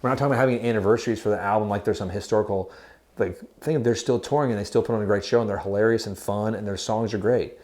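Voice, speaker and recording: A man's voice: lowish voice, fairly even intonation, very fast, darkish tone. A man in his forties co-hosting a casual music chat, giggly and rambling, full of fillers and restarts. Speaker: podcast co-host.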